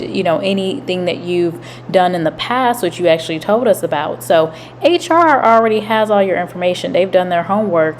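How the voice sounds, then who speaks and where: A woman hosting a commentary video, explaining workplace rules in a measured way. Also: on the low side, a little mellow, slight background noise. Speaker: commentary host. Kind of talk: reaction commentary.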